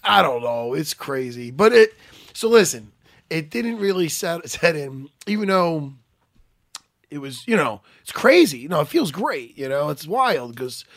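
A man's voice: fairly high pitch, big pitch swings, measured pace, fairly bright tone, no room sound, clean studio sound. A man co-hosting a podcast in casual chat, laughing, swearing and getting emotional as he rambles. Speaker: podcast co-host.

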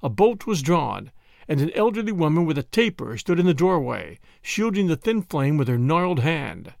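Man, story narrator, expressive dramatic reading, lively pitch, dry close sound. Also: normal speed, gravelly, no echo.

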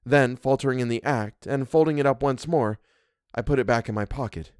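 A man reading a classic ghost story aloud, narrating in a measured and expressive way. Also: medium pitch, smooth, no room sound, clean studio sound. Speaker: reader.

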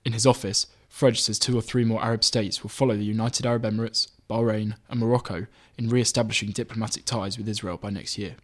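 A man reading his own magazine article aloud in measured, even scripted narration. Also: lowish voice.

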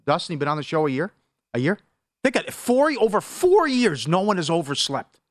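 A middle-aged man co-hosting a sports betting show, telling stories in an animated, rambling way. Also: fairly high pitch, a little fast, no echo, studio quality. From Superior, Wisconsin. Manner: animated, storytelling, jumps between topics. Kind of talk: casual sports radio banter.

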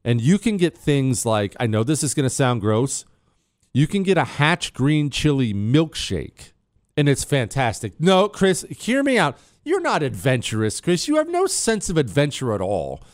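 A radio talk show host speaks into a studio microphone in a brash, self-mocking comedic monologue, boasting jokingly and jabbing at his off-mic producer. His mid-range voice swoops wildly in pitch at a normal speed, with no room sound.

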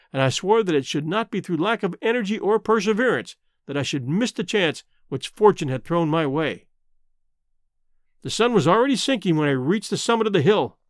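An audiobook narrator, a man, reads a classic novel aloud in a measured storytelling voice for scripted narration. His pitch sits fairly high and moves in lively arcs. The recording is close and dry, with no room sound.

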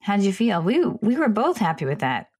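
A woman's voice: mid-range voice, big pitch swings, fairly quick, darkish tone, husky. A woman co-hosting a casual chat, opinionated and apologetic, rambling with restarts and asides. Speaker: podcast co-host.

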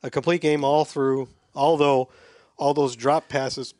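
A man's voice: mid-range voice, fairly even intonation, a little slow, darkish tone, dry recording. Man, podcast host, casual sports chat, reads emails aloud, dry studio sound. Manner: chatty, self-deprecating, reads emails aloud.

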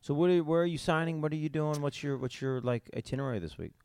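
Halting male podcast host. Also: a little high, a little mellow, clear, resonant tone, no room sound, clean studio sound. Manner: halting, repeats words as he gathers questions. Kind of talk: casual podcast interview.

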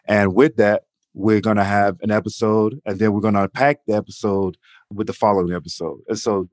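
A man's voice: fairly low pitch, no echo, clean studio sound. A man co-hosting a podcast in casual, emotional chat, often saying "you know" and "man". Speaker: podcast co-host.

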